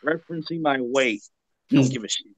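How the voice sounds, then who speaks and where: A man's voice: medium pitch, fairly quick. A man from Kentucky with a Southern accent, talking bluntly and with lots of swearing in a casual live-stream chat, often repeating words as he goes. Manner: blunt, profane, laughs loudly, stammers with repeated words.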